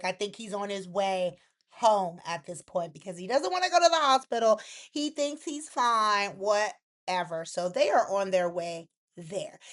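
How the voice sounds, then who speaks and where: A woman hosting a casual recap vlog, chatty and opinionated, acting out quotes with sudden jumps in voice. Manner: chatty, animated, acts out characters' quotes in lively pitch jumps; opinionated asides to the viewer. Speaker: soap opera recap host.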